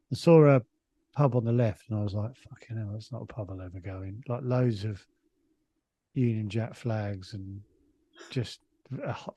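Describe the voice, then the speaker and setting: In a lowish, mellow, husky voice, a middle-aged English comedian appearing as a guest rambles through a casual anecdote, restarting often and laughing along the way.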